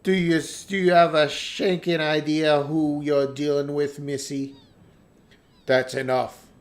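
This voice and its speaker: A man's voice: fairly high pitch, little pitch movement, slow. A man voicing a cocky axe-wielding soldier in a game playthrough, threatening in tone. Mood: menacing.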